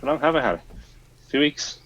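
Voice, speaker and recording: A man's voice: medium pitch, animated, fairly quick, fairly bright tone, highs cut off. A man playing a tabletop game, thinking aloud hesitantly with many fillers. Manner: thoughtful, hesitant, lots of fillers. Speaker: player.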